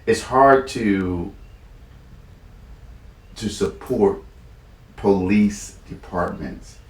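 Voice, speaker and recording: A man co-hosting a podcast, talking earnestly with frequent restarts. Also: low voice. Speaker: podcast co-host. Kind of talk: casual discussion. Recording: roomy echo, a bit far from the mic.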